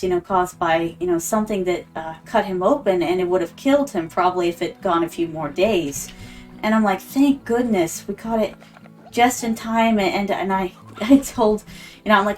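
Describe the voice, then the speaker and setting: A woman streamer chatting casually and telling a story while she plays a game, acting out the voices of the people in it. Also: mid-range voice. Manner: chatty, acts out quoted voices. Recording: slightly distant mic with background music.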